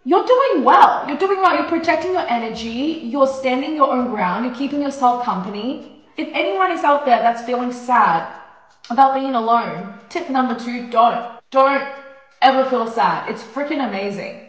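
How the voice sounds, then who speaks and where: Talking at a moderate pace with lively intonation, a young woman with a high-pitched voice records a casual vlog to camera in the small rooms of her home. She's bubbly and chatty, tossing in playful asides, and the room is echoey with music playing.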